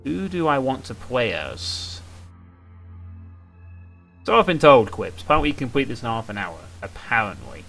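A man's voice: mid-range voice, very animated, normal speed, long pauses, a bit bright, soft background music. A young man commentating a horror game, wry and jokey, breaking into yelps and laughter. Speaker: gaming streamer.

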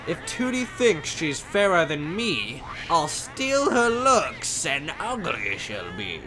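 A man voicing a vain old female witch, speaking her rhymes slowly in a sing-song way. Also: a little high, very animated, over music, pitched above the performer's own voice. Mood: spiteful.

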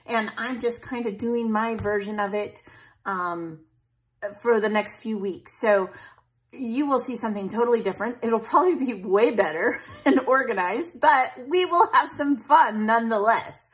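A woman's voice: a little high, rough recording. A woman chatting casually through a scrapbooking tutorial, thinking aloud with fillers and poking fun at herself. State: hiccups. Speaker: scrapbooking vlogger. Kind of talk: casual craft tutorial chat.

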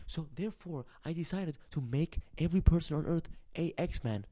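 A man's voice: a little high, normal speed, warm tone, no room sound. A young man rambling boastfully to his audience, profane and swaggering, breaking into laughs. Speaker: channel owner ranting to camera.

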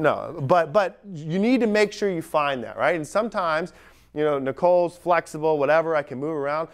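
A young man coaching lifters on a gym platform, energetic and talking straight to the group, recorded on a camera mic as he moves around. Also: a little high, a little fast, clear, resonant tone. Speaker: strength coach. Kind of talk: live coaching demonstration. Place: gym platform at a lifting camp.

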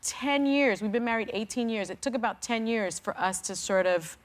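A woman's voice: on the high side, moderate pace. A woman co-hosting a talk show, chatting casually and giving earnest advice about family. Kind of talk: casual panel chat. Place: TV studio with audience.

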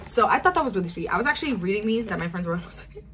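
A woman's voice: medium pitch, very animated, fast talker, fairly bright tone, faint music behind. An eighteen-year-old woman chatting casually in a get-to-know-me vlog, bubbly and wandering off on tangents. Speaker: vlogger.

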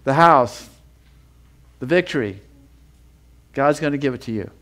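A male preacher in the middle of a sermon, with a voice of ordinary pitch. He builds with feeling through repeated phrases and drops lower and slower when he reads scripture aloud. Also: animated, fairly bright tone. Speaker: Bible teacher. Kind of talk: sermon teaching.

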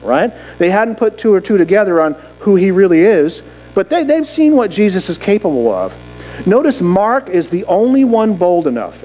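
A man preaching a sermon as pastor, lively and dramatic, acting out quoted voices and asking rhetorical questions. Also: on the high side, poor audio.

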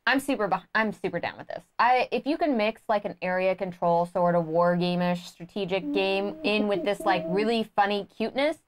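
Mid-pitched woman co-host, upbeat and giggly in relaxed chat. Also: moderate pace, hardly any pauses. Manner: giggly, enthusiastic. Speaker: board game crowdfunding show co-host. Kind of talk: casual chat.

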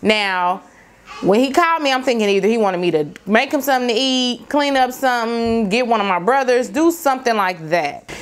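Animated storytelling woman vlogger. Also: a little high, moderate pace. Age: middle-aged. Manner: animated, slangy, talks to viewers directly. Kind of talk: storytime vlog, casual storytelling.

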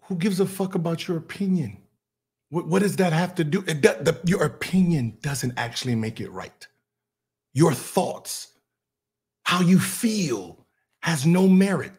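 A man raised in California, hosting his show and reacting to a clip in casual chat, profane, boastful and quick to laugh. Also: fairly high pitch, lively intonation, darkish tone, husky.

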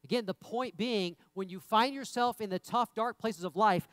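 A man's voice: sits high, animated, moderate pace, few pauses, fairly bright tone, no echo. A man preaching a sermon in a church in a conversational way, often repeating words and rising into emphatic bursts. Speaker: pastor. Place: church sanctuary.

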